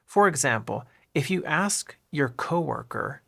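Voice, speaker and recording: A man narrates a scripted lesson on everyday English phrases, clear and deliberate, modelling each one and explaining how the words link together. His voice is mid-range with lively intonation and a fairly bright tone.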